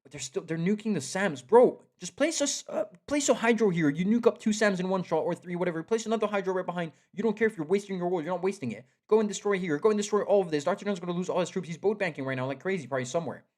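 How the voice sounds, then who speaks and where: A young man giving live commentary on a strategy game match. He is excitable, repeats himself and talks straight to the players. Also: sits high, very fast, few pauses. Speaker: esports caster.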